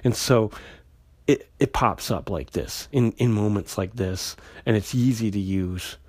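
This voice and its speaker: In a husky, darkish, lowish voice, a man unhurriedly walks through an old comic book issue on his podcast, and the recording is dry. His casual recap wanders, packed with fillers and restarts, and he paraphrases characters loosely.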